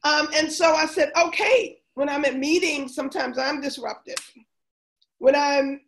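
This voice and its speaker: A woman's voice: sits high, a little slow, poor audio. A woman, a former teacher and coach, telling a story in a casual interview and acting out what people said. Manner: animated, acts out quoted voices.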